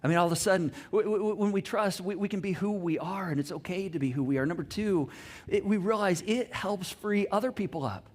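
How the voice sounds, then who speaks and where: A man's voice: high-pitched, fairly quick. A middle-aged man preaching a sermon, telling stories with many restarts and quoted conversations. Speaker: pastor.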